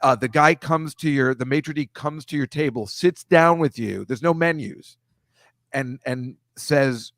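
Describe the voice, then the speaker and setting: A man's voice: mid-range voice, fairly bright tone, dry recording, studio quality. Man in a casual comedy chat. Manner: friendly, rambling, quick laughs. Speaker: co-host.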